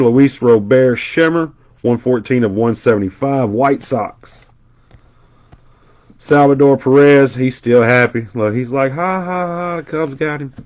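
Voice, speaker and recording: Man, card break host, chatty storyteller listing cards at a middling pitch on muffled lo-fi audio. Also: darkish tone. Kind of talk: casual live stream chat.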